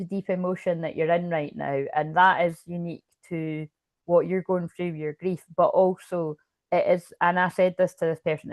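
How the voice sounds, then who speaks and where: A woman's voice: lowish voice, no echo. A woman doing a casual tarot reading as a psychic medium, talking in a rambling way, breaking off mid-sentence and laughing often, with hiccups. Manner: rambling, self-interrupting, chatty with frequent laughs.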